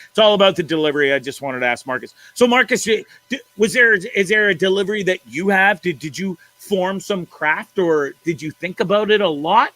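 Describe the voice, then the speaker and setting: A man with a high, sharp voice hosts a live online show from his desk, rambling through video clips with plenty of swearing and laughter. His voice sits close and dry on the mic, with no room sound. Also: no room sound. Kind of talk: casual commentary on viral videos.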